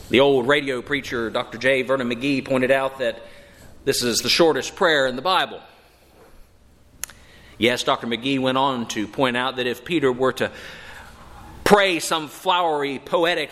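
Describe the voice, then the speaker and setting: A man preaching a sermon in a voice of middle pitch, with the long reverb of a large hall trailing every phrase. His delivery is dramatic and emphatic. He draws out key words slowly, then lifts his voice for emphasis. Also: a bit bright. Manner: dramatic, emphatic delivery with slow drawn-out phrases and sudden rises.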